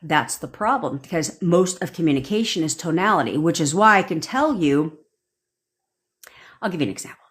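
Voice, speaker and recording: A woman's voice: lowish voice, expressive, moderate pace. A woman manifestation coach on a live stream, ranting bluntly and swearing casually while answering viewers' comments.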